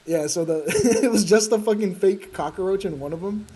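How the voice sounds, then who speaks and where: A man's voice: high voice, moderate pace, mellow, slightly rough. Profane, laughing male game streamer. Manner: profane, rambling storyteller who laughs often. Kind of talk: casual gaming chat.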